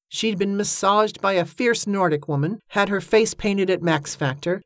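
A woman narrating a novel in a steady, even storytelling manner. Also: on the low side, no room sound, studio quality. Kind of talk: audiobook narration.

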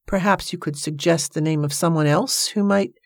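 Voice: mid-range voice, normal speed, creaky, no room sound, studio quality, natural voice. Narrator doing a polite, earnest young widow. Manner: polite, gentle.

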